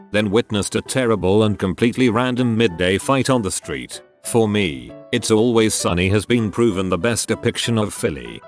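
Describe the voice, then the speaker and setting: A man narrating online stories in a steady, scripted reading style. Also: lowish voice. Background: faint background music.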